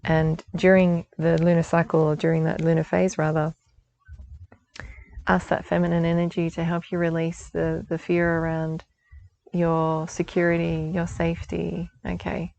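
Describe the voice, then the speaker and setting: A woman's voice: on the low side, monotone, normal speed, vocal fry, darkish tone, muffled recording, a little hiss or hum. A woman giving a chatty spiritual guidance talk outdoors, reassuring and laughing often. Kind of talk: casual spiritual forecast talk.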